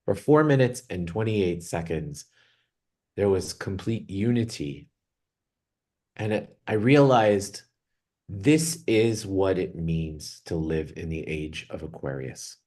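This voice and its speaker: Low-voiced earnest man guiding meditation. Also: darkish tone. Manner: earnest, reflective, slows down for emphasis. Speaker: meditation guide. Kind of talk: spiritual talk opening a group meditation.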